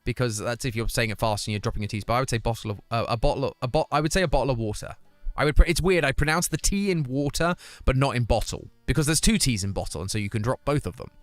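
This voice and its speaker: A man's voice: mid-range voice, fast, few pauses, no room sound. A young man with a British accent chats casually on his live stream, picking up viewer comments and answering them in an easy, conversational way. The sound is close and dry, with faint music playing in the background. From United Kingdom. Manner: chatty, reads out chat comments and answers them.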